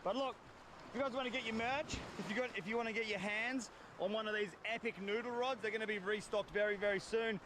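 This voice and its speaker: A man's voice: sits high, fairly even intonation, fast talker, background noise. A young Australian man talking to camera on a beach during a fishing trip, chatty and slangy, with background music. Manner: chatty, slangy, swears at himself. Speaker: fishing vlogger. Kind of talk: casual vlog to camera. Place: outdoors on a beach.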